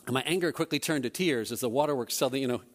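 A man, a church elder, telling a personal story during a service in a self-deprecating, animated way. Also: medium pitch, racing.

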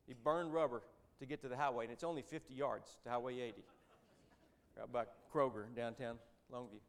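A man's voice: medium pitch, fairly even intonation, a little fast. A man in his fifties, a Christian businessman, telling a story in a church talk in a conversational, folksy way with joking asides.

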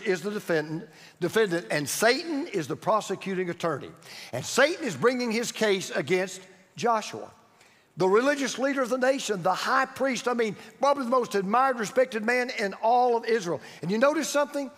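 A male pastor preaching a sermon emphatically, repeating key phrases and swinging from loud to hushed. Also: sits high, expressive, normal speed, in a large hall. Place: church sanctuary.

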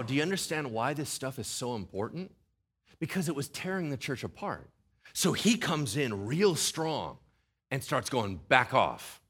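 Lively, bright-voiced male pastor preaching. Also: medium pitch. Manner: animated, acts out quoted voices. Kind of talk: sermon.

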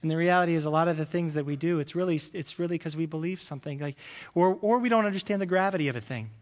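Male pastor, high voice, lively preaching, echoing hall. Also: racing. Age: adult with children. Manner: animated, acts out voices with loud comic bursts. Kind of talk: sermon.

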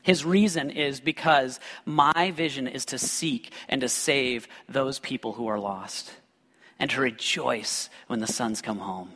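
A man's voice: medium pitch, a little slow, a bit bright, long reverb tail. A man preaching a sermon to a congregation, mixing scripture with funny personal stories and joking asides to the listeners. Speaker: pastor.

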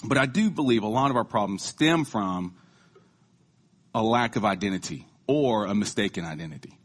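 A man preaches a casual sermon, chatty and quick to joke at his own expense. His voice sits low with a husky edge. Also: animated. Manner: conversational, joking, self-deprecating. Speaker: lay preacher.

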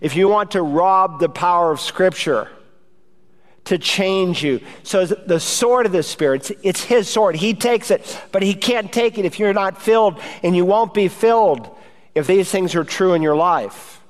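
A man's voice: high-pitched, unhurried, big-room sound. A male pastor delivering an urgent, emphatic sermon to his congregation.

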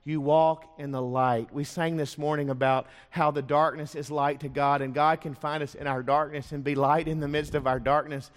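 A man with a somewhat high voice preaches a sermon in a church sanctuary. He tells stories, piles up rhetorical questions and lets his voice fall to a hush for emphasis. A long reverb from the hall follows each phrase. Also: flat delivery, a little fast, hardly any pauses. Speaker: pastor.

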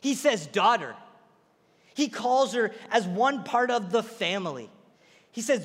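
High-voiced male preacher in a reverberant hall. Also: unhurried, pauses often, slightly rough. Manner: animated storytelling preaching, acting out quotes. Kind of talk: sermon.

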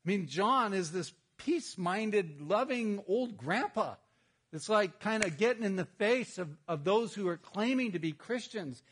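A middle-aged man, a pastor, preaching a sermon in a conversational, humorous storytelling manner with lively outbursts. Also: high-pitched, a little slow, slight background noise.

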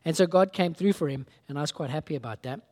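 A man's voice: fairly high pitch, fast, warm tone. A man preaching a sermon, telling a story in a casual, conversational way and acting out the dialogue. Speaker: pastor.

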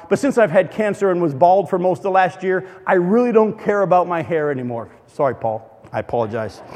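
A male preacher with a rather high voice tells a funny personal story from the pulpit. He sounds conversational and easygoing, as if chatting with the congregation. His voice carries a long reverb from a large church hall. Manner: conversational, humorous anecdotes. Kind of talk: storytelling sermon.

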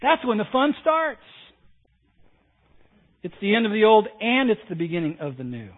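A man's voice: high voice, wildly swooping pitch, moderate pace. A male pastor preaching a sermon, emphatic, repeating key phrases and asking the congregation to respond. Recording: tinny phone-like sound.

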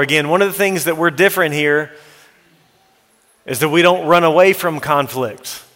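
A pastor preaching a sermon, emphatic, lifting his voice to urge the listeners and dropping it low to read scripture. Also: a bit bright. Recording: long reverb of a large hall.

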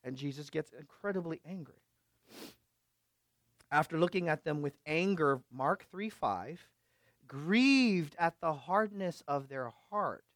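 A man preaching a sermon as pastor, emphatic and questioning his listeners, swinging from loud exhortation to quiet asides. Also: on the high side, animated, slow pace, no room sound.

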